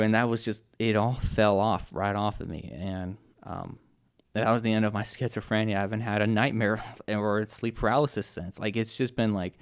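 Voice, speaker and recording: Earnest, halting man with a low smooth voice. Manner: halting and earnest, with many restarts and "like" fillers. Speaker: guest sharing his testimony. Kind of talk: personal testimony in a podcast interview.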